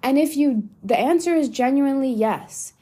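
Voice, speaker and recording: A woman's voice: high-pitched, lively intonation, normal speed, mellow. A young adult woman hosting a motivational solo podcast, talking bluntly and swearing freely for emphasis. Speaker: podcast host.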